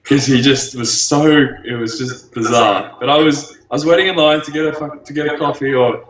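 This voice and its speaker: A man's voice: mid-range voice, fairly quick, a bit bright, reverberant, poor audio. A man in his twenties, a bodybuilder guest in a casual interview, laid-back and casually swearing. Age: 20s.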